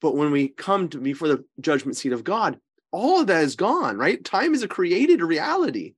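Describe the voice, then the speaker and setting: A priest leads an informal Bible study in a slightly high, sing-song male voice with a breathy edge, at normal speed. He teaches scripture emphatically, checks in with listeners often, and frequently restarts or corrects himself mid-sentence.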